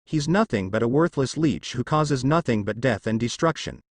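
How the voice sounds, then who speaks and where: A man's voice: medium pitch, lively intonation, normal speed, dry recording, clean studio sound, lightly acted. A man voicing a bitter older male villager who spits his words, in a fan story read aloud. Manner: bitter, spitting.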